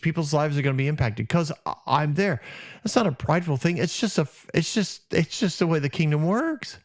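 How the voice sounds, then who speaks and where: A man hosting a casual Bible teaching podcast, talking in a rambling way with frequent restarts and self-corrections. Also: medium pitch. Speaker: podcast host.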